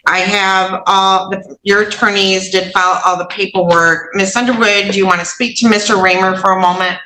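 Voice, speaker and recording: A woman's voice: medium pitch, steady tone, normal speed, sharp tone, a little hiss or hum. A woman judge speaking firmly and procedurally in a courtroom. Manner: firm, stern, procedural. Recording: echoey courtroom recording.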